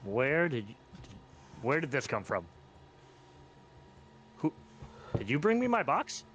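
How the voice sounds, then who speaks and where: A man's voice: fairly low pitch, rapid-fire, a bit bright, a little hiss or hum, pitched below the performer's own voice, natural voice. A man doing a blustering, grumpy goblin innkeeper. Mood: angry. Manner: hostile, blustering. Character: squat fat grumpy male goblin tavern owner.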